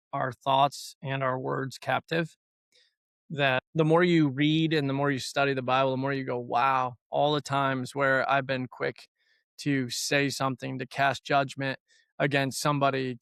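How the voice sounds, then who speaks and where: A man's voice: medium pitch, creaky, fairly bright tone, clear, resonant tone, no room sound, studio quality. A middle-aged man hosting a faith-based conversation, telling stories in an earnest, reflective way. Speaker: podcast host.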